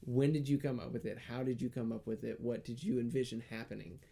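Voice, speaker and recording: A man's voice: medium pitch, fairly even intonation, quick pace, vocal fry. A man co-hosting a comedy podcast in casual chat, rambling and laughing often. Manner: rambling, laughs often, acts out his thoughts in a hushed voice. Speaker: podcast co-host.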